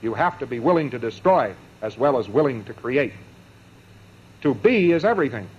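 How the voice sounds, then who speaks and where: A man's voice: mid-range voice, sing-song, darkish tone, slight background noise. Sardonic man lecturing on a dull old tape. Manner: sardonic, mocking asides; emphatic, broken into short phrases with pauses. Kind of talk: lecture to a live audience.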